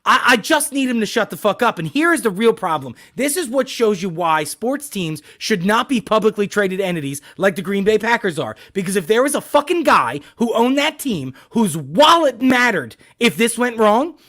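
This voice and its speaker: A man's voice: high voice, sing-song, normal speed, hardly any pauses, a bit bright. A man co-hosting a sports podcast, ranting in heated casual talk full of profanity and hard emphasis.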